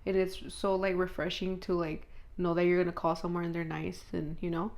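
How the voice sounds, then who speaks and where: A woman's voice: fairly low pitch, fairly quick, gravelly. A woman co-hosting a casual podcast, telling stories at an easy pace with many fillers and with Spanish phrases mixed into her English. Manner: relaxed storyteller, drops Spanish phrases, fillers like and um. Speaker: podcast co-host. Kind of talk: casual chat.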